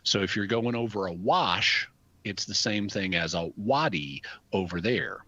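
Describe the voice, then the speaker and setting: A man from the United States, speaking as a guest expert on a talk show, lays out his points patiently with examples. His voice sits low but carries a bright, forceful edge. The studio sound is dry and a little muffled. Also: a little slow, no echo. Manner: thoughtful, explains at length with examples. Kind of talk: casual explanatory radio talk.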